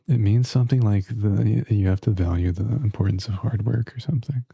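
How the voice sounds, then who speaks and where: A man's voice: fairly low pitch, fairly quick, creaky, husky, dry recording, lo-fi sound. A man streaming live, bantering jokingly with chat and muttering to himself while he plays.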